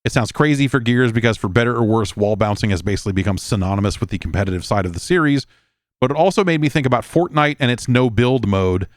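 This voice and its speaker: A man's voice: mid-range voice, lively intonation, fast, dry recording, clean studio sound. A middle-aged man hosting a podcast, reading listener mail and rambling in casual chat, stammering and swearing as he talks. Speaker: podcast host.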